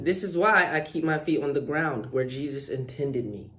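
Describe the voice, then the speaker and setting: A man's voice: a little high, expressive, normal speed, over music. A man hosting a reaction video, cracking slangy jokes and talking straight to his viewers. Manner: slangy, joking asides to viewers. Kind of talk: casual reaction commentary.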